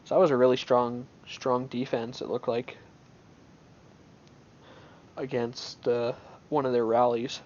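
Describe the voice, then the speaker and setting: A man's voice: mid-range voice, little pitch movement, a little slow, long pauses, a little mellow, dull audio, a little hiss or hum. A man giving casual gameplay commentary on his own match, thinking aloud in an offhand way with many restarts.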